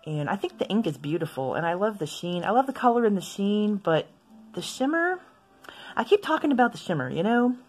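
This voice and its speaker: A woman chatting casually as she swatches inks for her video, rambling into asides and gently poking fun at herself. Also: mid-range voice, very animated, brisk, soft background music. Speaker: stationery vlogger.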